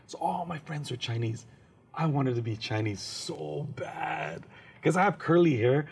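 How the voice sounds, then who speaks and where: A man from San Francisco, a comedian, telling comic stories as an interview guest in an animated, joking way. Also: on the high side, measured pace, vocal fry, husky. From San Francisco, USA. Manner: animated, jokes and slips into impressions.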